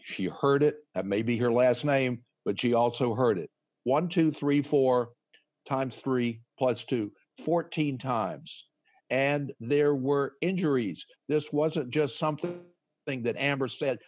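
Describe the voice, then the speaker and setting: A man's voice: medium pitch, slow, a little mellow, dry recording, dull audio. A man appearing as a guest attorney, talking with playful wordplay and courtroom flair.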